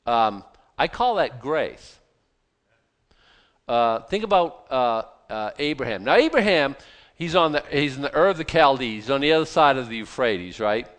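A man preaching a Bible sermon in a conversational, animated way, often restarting and breaking into asides. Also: medium pitch, moderate pace. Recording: long hall reverb.

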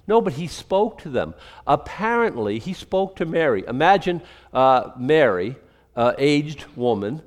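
A man's voice: a little high, sing-song, measured pace, in a large hall. A man preaching a sermon as pastor, conversational and joking, full of asides and restarts.

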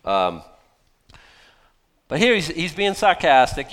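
A middle-aged man preaching a sermon in an easy, talky style, his voice leaping up high and loud, then dropping low and quiet. He delivers sarcastic asides and usually keeps a middle pitch. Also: normal speed. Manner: conversational, sarcastic asides, animated swings in pitch and volume. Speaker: pastor.

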